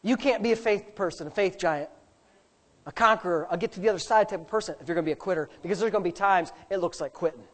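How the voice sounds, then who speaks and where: A man preaching a sermon, swinging from low, hushed asides to high, shouted emphasis, with drawn-out emphatic phrases.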